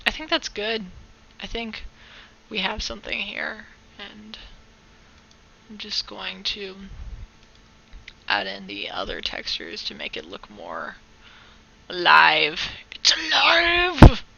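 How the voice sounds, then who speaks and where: A woman talks slowly through a casual live-stream art tutorial, her voice bright and sharp with a gravelly fry underneath. She rambles, jokes and corrects herself mid-sentence. The audio is dull and lo-fi. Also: mid-range voice, animated, slight background noise. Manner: rambling, jokey, self-correcting, talks to chat.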